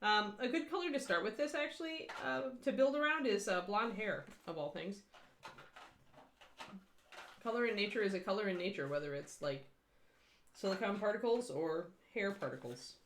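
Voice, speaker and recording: A woman's voice: medium pitch, moderate pace, fairly bright tone, a little hiss or hum. A woman hosting a casual livestream painting tutorial from home, chatty and rambling, laughing often. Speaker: host and miniature painting instructor.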